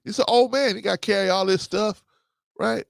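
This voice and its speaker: With a fairly quick pace and vocal fry, a man hosts casual comic Bible commentary, reading scripture, joking, laughing often, and preaching in bursts with abrupt pitch jumps in his storytelling. The sound is dry and clean, studio quality.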